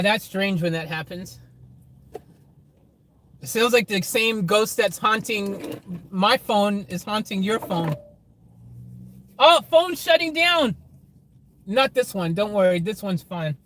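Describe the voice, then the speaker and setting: A man's voice: high-pitched, fairly bright tone. A man chatting casually to viewers on a phone livestream from inside his car, laughing often.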